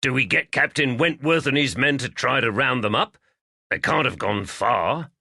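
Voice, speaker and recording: A man's voice: mid-range voice, normal speed, pushed and bright, no echo, clean studio sound, voice pushed up. A man voicing a young constable who speaks plainly and asks blunt questions. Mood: questioning.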